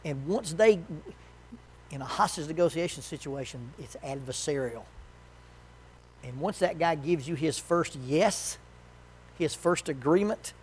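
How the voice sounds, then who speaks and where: A man with a slightly higher-pitched voice leads a church marriage workshop in a relaxed, conversational way. He is folksy and joking, and he drops into quick acted quotes. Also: a little hiss or hum.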